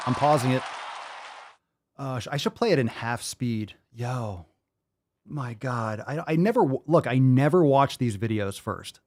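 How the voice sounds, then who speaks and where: A man's voice: medium pitch, moderate pace, a crowd in the background, background noise. A man in his thirties hosting a podcast, ranting casually in an exasperated, profane way and repeating himself. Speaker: podcast host.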